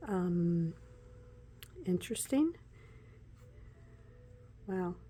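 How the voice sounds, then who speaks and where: A woman chatting through a casual deck walkthrough, excitable and talkative, often dropping into soft whispers. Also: lowish voice, drawn-out words, husky. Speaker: tarot deck reviewer.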